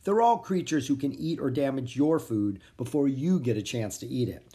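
A reader voicing a kind mother who gently explains things in a storybook reading. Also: very deep voice, animated, normal speed. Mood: calm.

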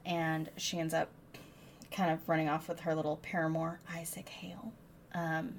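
A woman's voice: low-pitched, level tone, normal speed, a little hiss or hum. A woman co-hosting a casual book podcast, retelling the plot with swearing and dramatic flair. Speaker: podcast co-host. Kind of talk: casual book-club chat.

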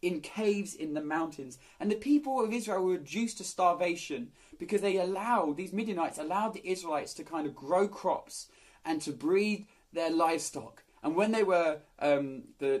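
A man reads a passage of Scripture and then talks it through in an easy, chatty sermon, his voice sitting a little high. He speaks plainly, with the odd filler and restart. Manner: relaxed, conversational, with fillers. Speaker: preacher. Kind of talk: Bible reading and casual sermon.

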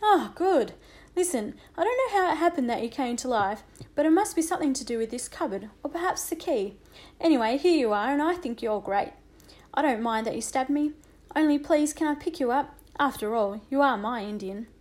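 A woman voicing an excitable young boy who talks quickly and pleadingly, reading a storybook. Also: sits high, pitched above the performer's own voice. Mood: eager.

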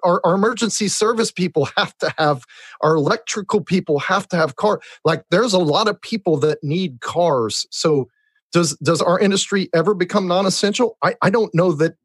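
A man, a guest on a podcast, talking casually and telling stories with lively repeated starts. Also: high-pitched, normal speed, slightly rough, no room sound. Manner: animated storyteller who repeats words when starting. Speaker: guest, repair shop and software business owner.

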